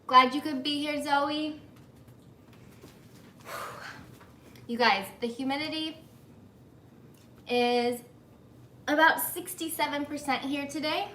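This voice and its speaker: A woman's voice: sits high, takes it slowly, long pauses, sharp tone, slight background noise. A woman in her thirties hosting a live baking stream from her home kitchen, chatting with viewers, flustered and sweating from the humidity. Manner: chatty, apologetic, reads comments aloud. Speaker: baking livestream host. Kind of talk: casual live chat, greeting viewers.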